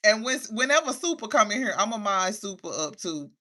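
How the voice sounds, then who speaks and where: A woman's voice: mid-range voice, big pitch swings, a little fast, pushed and bright. A woman with grandkids hosting a casual livestream, chatting with viewers, reading their comments aloud and laughing often. She says she has been crying and feels emotional. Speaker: livestream host.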